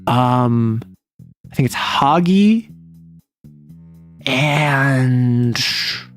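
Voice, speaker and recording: A woman's voice: rumbling low, lively intonation, drawn-out words, soft background music. A woman streamer chatting casually about romance stories, rambling with lots of fillers and briefly acting out quoted lines.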